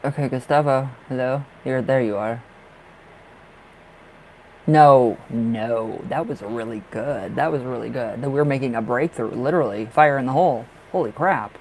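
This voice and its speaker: A man's voice: mid-range voice, moderate pace, a little mellow, a little hiss or hum, poor audio. A man hosting a live tarot reading stream, chatting casually and expressively with viewers and laughing often.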